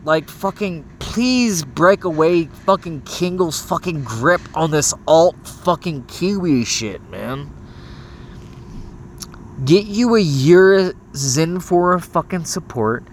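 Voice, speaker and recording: Slow-drawling young man ranting. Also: fairly high pitch, slight background noise. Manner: profane, rambling and scolding; stammers and restarts when heated. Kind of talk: ranting voice message.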